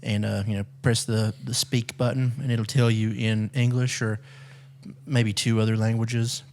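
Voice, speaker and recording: A man's voice: lowish voice, little pitch movement, normal speed, a little mellow, a little hiss or hum. A man co-hosting a podcast in casual, laid-back chat, swearing freely. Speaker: podcast co-host.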